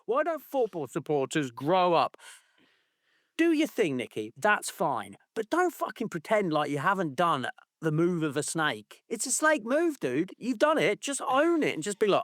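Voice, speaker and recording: Man, lively swinging pitch, sweary ranting, dry close sound. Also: a little slow, no room sound. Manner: animated, sweary ranting, mock voices. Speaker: podcast co-host. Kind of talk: casual football chat.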